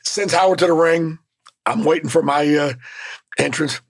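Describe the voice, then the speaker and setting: An older man with a Southern American accent, a podcast guest telling lively stories with frank swearing. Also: a little high, moderate pace. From Southern United States. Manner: animated anecdotes, swears freely, acts out quoted people. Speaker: former pro wrestling manager and wrestler, podcast guest. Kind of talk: casual storytelling interview.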